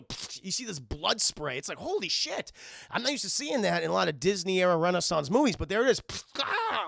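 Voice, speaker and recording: A man streaming a casual, profane film recap, animated and talking to his chat throughout. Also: high-pitched, creaky, no echo, clean studio sound.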